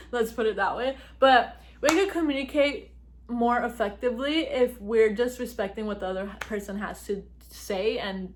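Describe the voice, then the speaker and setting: A young woman vlogging at home, giving chatty advice to the camera, laughing often and talking fast. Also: a little high, fairly bright tone, slight background noise. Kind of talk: casual talk to camera.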